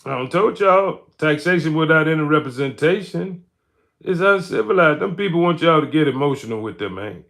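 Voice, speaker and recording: A man's voice: fairly high pitch, lively intonation, brisk, a bit bright. A man hosting a livestream, ranting in casual commentary. He is emphatic and repeats his points, tagging lines with "man". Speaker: livestream host. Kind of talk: live-stream commentary rant.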